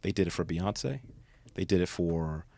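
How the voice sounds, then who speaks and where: A man hosts a podcast in loose, easygoing conversation. His voice sits on the low side, and he rambles through his points while often agreeing with "right, right, right." The sound is close and dry. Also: expressive, normal speed, vocal fry, warm tone, no echo. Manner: laid-back, rambling, frequent "right, right, right". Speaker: podcast host. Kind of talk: casual chat.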